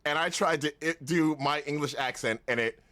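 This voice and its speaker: A man's voice: fairly high pitch, normal speed, bright, forceful tone, dry recording. A man hosting a casual podcast, rambling with lots of restarts and laughing often. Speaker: podcast host.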